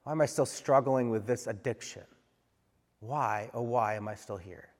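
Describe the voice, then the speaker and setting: A male pastor preaching a sermon in a conversational, animated way, often acting out the voices he quotes. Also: mid-range voice, moderate pace. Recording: long hall reverb.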